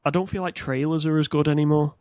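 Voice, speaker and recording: A man co-hosting a podcast in casual chat, talking in a measured, thoughtful way with small hesitations. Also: a little high, steady tone, a little mellow, no echo. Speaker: podcast co-host.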